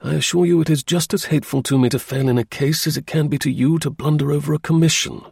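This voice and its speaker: A man reads a brisk, dry-witted middle-aged detective. His speech is crisp, measured and confident, with a gravelly, husky texture. It sounds dry and close to the mic. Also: a little high, fairly even intonation, a little mellow, no room sound.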